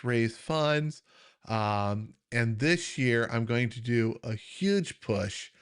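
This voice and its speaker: A man's voice: fairly low pitch, a bit bright. A middle-aged American man hosting a live Q&A stream as a health coach, talking earnestly in a loose, conversational way with many fillers and restarts, and struggling to hold back emotion. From United States. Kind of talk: casual live-stream chat.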